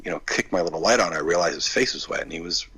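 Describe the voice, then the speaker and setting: A low-voiced man tells a story as a guest in a casual interview. His tone is bright and forward, and he acts out every quoted line as he goes. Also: fast talker, breathy edge, low-quality recording. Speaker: film director and guest.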